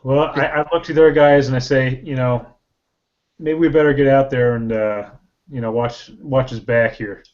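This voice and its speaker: A man's voice: mid-range voice, fairly even intonation, moderate pace, darkish tone. Hesitant male tabletop player. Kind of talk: tabletop game play. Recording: dull lo-fi audio.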